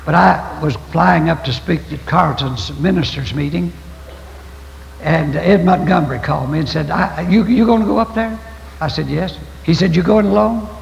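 A man's voice: fairly high pitch, normal speed, vocal fry, slight background noise. An older man preaching a folksy, storytelling sermon as pastor. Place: church sanctuary. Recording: echoey church hall, dull lo-fi 1990s tape.

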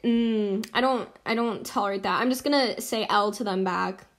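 A woman's voice: on the high side, moderate pace, hardly any pauses. A young woman hosting casual game commentary, bubbly and giggly, swinging between squeals and mutters. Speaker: gaming channel host.

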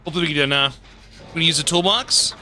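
High, bright excitable gamer guy. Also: racing, faint music behind. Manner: excitable, swears and laughs often. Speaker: gaming YouTuber. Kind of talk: casual gameplay commentary.

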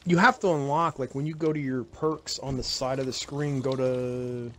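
A man's voice: medium pitch, fairly even intonation, normal speed, slight background noise. A man chatting on a game stream, explaining menus and unlocks with stops and restarts. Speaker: co-player on stream. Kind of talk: casual live-stream chat.

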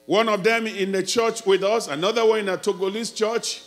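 A man with a high voice delivers a sermon. His telling goes hushed and intimate, then rises to full-throated shouting. A steady electrical hum sits under the recording. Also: moderate pace. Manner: swings from quiet storytelling to loud shouted preaching. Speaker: pastor.

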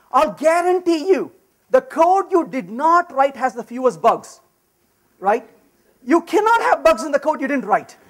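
A man giving a lively conference talk on programming, emphatic and full of anecdotes. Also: very high-pitched. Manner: animated, emphatic, storytelling. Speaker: conference speaker. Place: conference session room.

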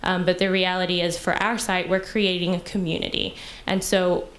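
A woman's voice: fairly low pitch, level tone, moderate pace, fairly bright tone. A woman, a social entrepreneur, explaining her venture to judges with frequent fillers. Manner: explanatory, uses filler "you know". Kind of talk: answering judges' questions.

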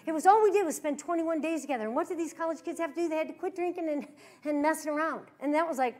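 High pitched lady preacher, animated church sermon, hushed then loud storytelling. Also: quick pace. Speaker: guest preacher and pastor. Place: church service.

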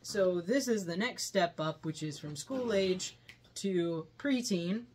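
A woman's voice: lowish voice, expressive, slow pace, darkish tone, a little hiss or hum. A woman reviewing a movie in casual chat, laughing often as she retells scenes.

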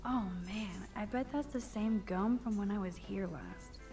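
Actress voicing a wry young student. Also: female voice, medium pitch, a little slow, warm tone, soft background music, natural voice. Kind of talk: video game dialogue.

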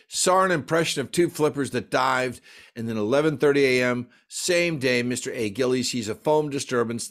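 A man giving a folklore lecture at a library, enthusiastically reading out lists of dates and sighting reports. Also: medium pitch. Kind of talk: lecture presentation.

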